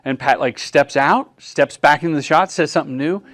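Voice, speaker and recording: A middle-aged man, a commercial director, giving a live workshop talk as an animated storyteller. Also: on the high side, a little fast. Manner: animated storyteller who acts out quotes.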